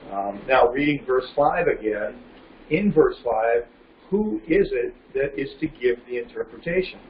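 A man preaching a verse-by-verse Bible lesson, reading scripture slowly and deliberately and putting questions to his listeners before answering them himself. He sounds distant from the mic in a roomy, echoing space. The recording is dull and lo-fi, with a faint hum of ambience behind him. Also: mid-range voice, lively intonation. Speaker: Bible teacher. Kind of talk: sermon, teaching verse by verse.

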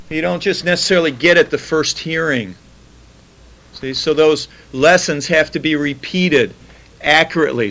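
A man giving an informal Bible teaching, chatting plainly between slow, deliberate scripture readings. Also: on the high side, fairly bright tone, poor audio. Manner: conversational, reads scripture slowly, repeats key words. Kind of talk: informal sermon.

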